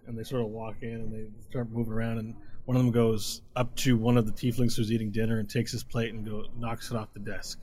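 A man's voice: on the low side, fast, hardly any pauses. A man narrating a tabletop game as game master, loose and easygoing, with plenty of fillers. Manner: relaxed, loose, with many fillers.

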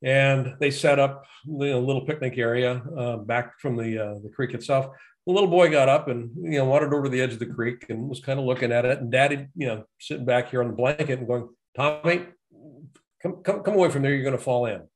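Man, host, middle pitch, musing, long winding questions, anecdotes. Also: fairly even intonation, fast talker. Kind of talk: conversational interview.

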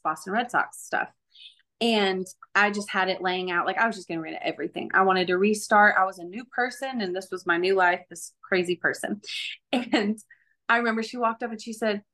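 A young woman shares her testimony in a mid-pitched voice. She speaks earnestly, animates the voices of people in her story, and laughs easily between thoughts. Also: fairly bright tone. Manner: earnest, laughs often, acts out quoted voices. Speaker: guest sharing her testimony. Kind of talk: conversational faith testimony.

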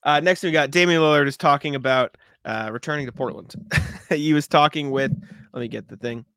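A man's voice: fairly high pitch, fairly quick, a bit bright, no room sound. Man, podcast co-host, casual sports chat, laid-back, shrugging, dry close recording.

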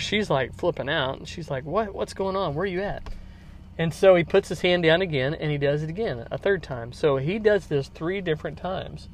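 A podcast host talks through a personal story in a loose, unscripted way. His voice sits a touch high for a man, and he wanders, repeats himself and leans on fillers as he goes. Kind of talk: casual storytelling.

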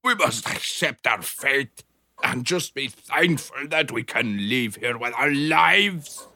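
Storybook role: a man playing a gravelly, fearful old mouse, slow delivery, bright edge. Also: medium pitch, lively intonation, voice pushed up, full character voice. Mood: fearful doubt. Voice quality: scratchy, gravelly. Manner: gloomy, cautious, pleading. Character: scratchy-voiced doubtful old male mouse.

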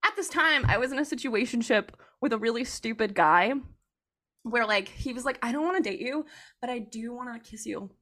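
A woman in her thirties telling a story on a casual podcast, animated and chatty, with plenty of "like" and laughter. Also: fairly high pitch, fairly quick.

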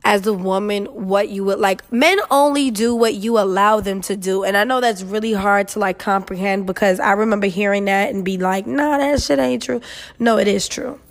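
A young adult woman hosting an advice podcast, reading listener emails and giving blunt, profane, animated advice. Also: mid-range voice, normal speed, few pauses. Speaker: podcast host.

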